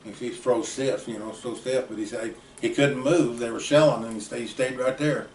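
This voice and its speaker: A man's voice: medium pitch, steady tone, fairly quick, darkish tone. Older man spinning rambling war stories. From United States. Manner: plainspoken, rambling, folksy grammar. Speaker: uncle telling family war stories. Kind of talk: casual storytelling. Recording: roomy, distant mic, faint background noise.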